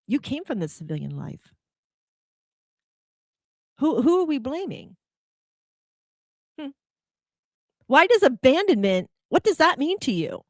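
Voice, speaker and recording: A woman with a high, very animated voice hosts a spiritual motivational talk, taking it slowly and pausing often as she probes listeners with rhetorical questions. She acts out quoted complaints heatedly, and the recording is dry and clean, studio-quality.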